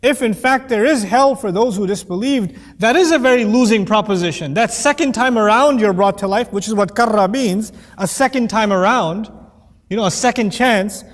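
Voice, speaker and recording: A man with a fairly high voice gives an animated, playful lecture on Quranic Arabic. He slips into quoted voices to make a point. The sound carries a long hall reverb. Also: normal speed. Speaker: Quran teacher.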